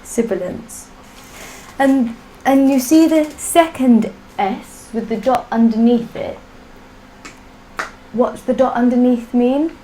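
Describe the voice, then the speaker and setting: Lady teacher going slow over sounds, fairly high voice, bit of faint hiss behind. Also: mellow, rough recording. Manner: slow, patient drilling of sounds with call-and-repeat. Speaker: Sanskrit teacher. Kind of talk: live online language class.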